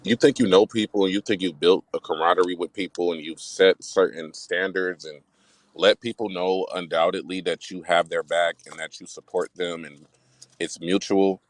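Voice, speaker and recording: A man chatting on a livestream, talking in a direct, measured way and laying out his reasoning at length. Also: sits low, no echo, rough recording. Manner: direct, measured, speaks in long reasoning runs. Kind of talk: casual livestream chat.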